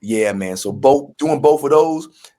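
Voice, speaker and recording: A man's voice: mid-range voice, expressive, measured pace, dark tone. A man, a guest actor telling his story in a casual interview. He acts out the voices he quotes and often restarts his sentences.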